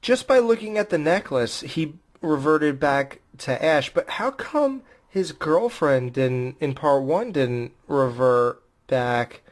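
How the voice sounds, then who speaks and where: A man's voice: fairly high pitch, takes it slowly, few pauses. A man co-hosting a horror movie podcast in casual chat, telling stories with acted-out quotes. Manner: animated, acts out quotes. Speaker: podcast co-host.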